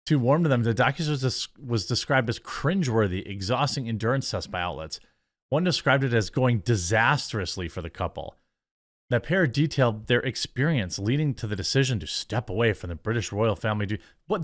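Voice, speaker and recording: A man's voice: medium pitch, animated, a little fast. American guy doing a sarcastic commentary rant, rambles, dismissive. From United States. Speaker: host.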